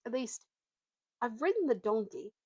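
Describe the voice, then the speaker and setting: A woman's voice: a little high, sing-song, moderate pace, warm tone, husky, no echo, pitched above the performer's own voice. An eager young peasant boy, as a woman reads him, timid but hopeful, his voice raised and a bit hesitant. The sound is dry and close.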